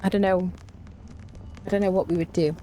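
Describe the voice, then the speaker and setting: A woman's voice: on the low side, flat delivery, fairly quick, mellow, a little hiss or hum. A woman giving rambling, casual commentary while streaming a game, full of fillers and restarts.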